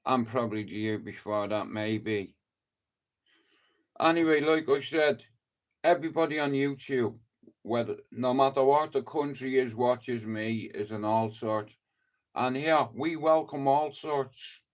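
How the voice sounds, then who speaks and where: A man's voice: mid-range voice, a little slow. A man with a Dublin accent, rambling and swearing through a casual live-stream chat. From Ireland. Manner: rambling and heavily profane, chatty storytelling.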